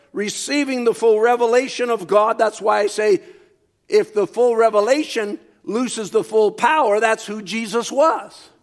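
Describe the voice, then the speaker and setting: A man preaching a sermon, reading quotations aloud and commenting on them, rising to shouts on key points. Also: extremely high pitch.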